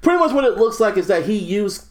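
A man's voice: high voice, sing-song, quick pace. A man co-hosting a podcast, arguing his side emphatically and swearing freely in a casual debate. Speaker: podcast co-host. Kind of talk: casual debate among friends.

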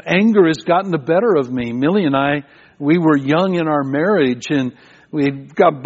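Older male pastor, sermon, conversational storytelling, somewhat high voice, muffled lo-fi sound. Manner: conversational storytelling preacher with frequent repetitions.

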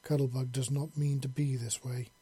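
A man doing a huge gentle alien woman. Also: medium pitch, flat delivery, normal speed, slightly rough. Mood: apologetic. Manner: simple broken English, speaks of herself by name.

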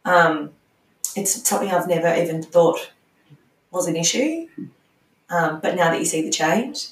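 Middle-aged woman, coaching client; candid, searching delivery, low register, distant roomy mic. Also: animated, normal speed. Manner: candid, searching, trailing restarts. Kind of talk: reflective podcast conversation.

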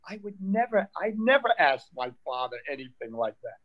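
An older man, a comedian telling stories in lively chat and acting out the people in them. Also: fairly high pitch, normal speed, lo-fi sound. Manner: animated, acts out people in funny voices. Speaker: comedian guest. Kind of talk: storytelling comic chat.

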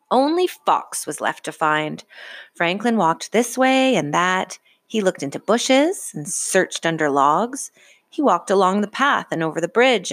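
A woman reading a children's storybook aloud in a gentle, unhurried way. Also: mid-range voice, dry recording.

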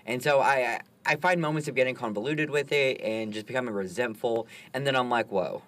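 A man's voice: mid-range voice, a little fast, a bit bright. A man co-hosting a casual recovery talk, candid and self-deprecating, swearing and laughing easily. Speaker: podcast co-host.

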